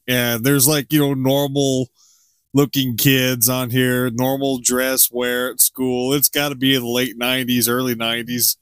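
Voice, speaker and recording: A man's voice: medium pitch, a little slow, clean tone, no echo, studio quality. A middle-aged man co-hosting a podcast, chatting casually and rambling with chuckles. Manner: rambling, chuckling, animated impressions. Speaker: podcast co-host. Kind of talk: casual unscripted chat.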